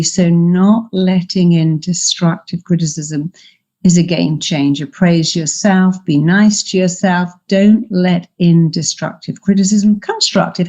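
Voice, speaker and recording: Dark-toned woman coaching with emphasis. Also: lowish voice, a little slow, dull audio. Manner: emphatic, acts out quoted voices. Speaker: therapist and guest speaker. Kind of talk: podcast interview, coaching advice.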